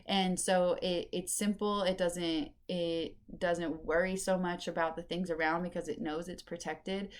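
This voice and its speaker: A woman's voice: on the low side, flat delivery, measured pace, few pauses, a little hiss or hum. A woman hosting a casual solo spirituality podcast, chatty and meandering, with lots of fillers. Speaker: podcast host and intuitive reader.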